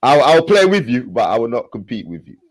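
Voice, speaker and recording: Man, debater on an online call, husky, very lively pitch, animated and pushing his point. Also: brisk. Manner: animated, pushes his point, mimics opponents. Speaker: debater calling in. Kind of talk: casual online group chat.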